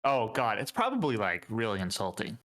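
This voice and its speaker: A man's voice: fairly low pitch, wildly swooping pitch, fairly quick, fairly bright tone. A man co-hosting a podcast, chatting casually and wryly about a movie. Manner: laid-back, wry, says "dude" a lot. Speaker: podcast co-host. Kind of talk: casual comedic movie review chat.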